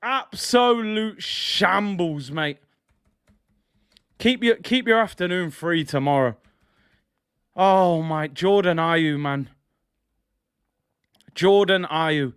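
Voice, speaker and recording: A young man hosting a live football watch-along, reacting emotionally and often breaking into frustrated shouting. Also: fairly high pitch, slow, pauses often, clear, resonant tone, no echo, clean studio sound. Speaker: fan stream host.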